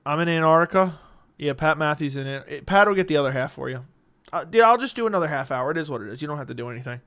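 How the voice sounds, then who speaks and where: Quick-paced and animated, a man with a somewhat high, slightly bright voice hosts a casual home livestream. He reads viewers' messages aloud into a studio dynamic mic, easygoing and unafraid to swear.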